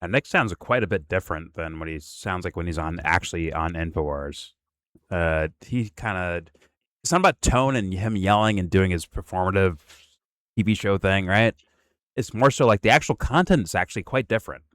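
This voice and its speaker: A man's voice: deep voice, animated, moderate pace, a bit bright, no room sound, clean studio sound. A man hosting a casual reaction stream, laid-back and laughing often.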